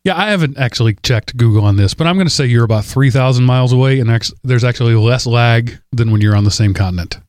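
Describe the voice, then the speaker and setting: Chatty podcast host, dry sound. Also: male voice, mid-range voice, quick pace, hardly any pauses, darkish tone, dry recording. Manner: chatty, self-deprecating, rambling with restarts. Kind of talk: casual chat.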